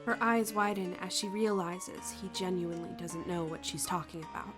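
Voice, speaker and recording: A woman reading a fan story aloud, calm and measured as narrator. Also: lowish voice, over music.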